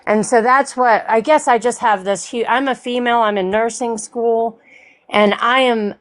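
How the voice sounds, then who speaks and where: A woman calling into a talk show, a nursing student speaking earnestly and haltingly about her worries. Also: on the high side, steady tone. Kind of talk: call-in chat.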